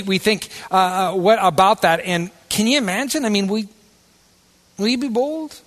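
A man preaching a sermon in a casual, folksy way, swinging from loud, emphatic bursts to hushed asides. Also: high voice. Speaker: pastor.

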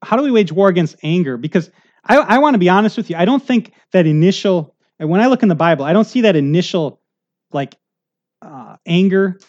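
A man's voice: high-pitched, expressive, a little fast, darkish tone, highs cut off. A middle-aged male pastor preaching a sermon in a conversational, earnest way, often checking in with the congregation.

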